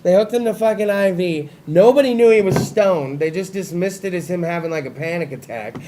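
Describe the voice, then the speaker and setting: A man hosting a live talk show, telling crude stories loudly with lots of swearing and doing voices. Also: sits high, fairly quick, rough recording. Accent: Californian. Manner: loud, profane, animated storyteller doing voices. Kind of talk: crude casual chat and storytelling. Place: studio with live audience.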